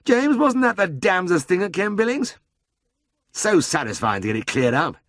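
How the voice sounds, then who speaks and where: A man voicing a jovial older boss who turns icily quiet and then outraged, in an audiobook. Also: high voice, sing-song, normal speed, no echo, studio quality, pitched above the performer's own voice.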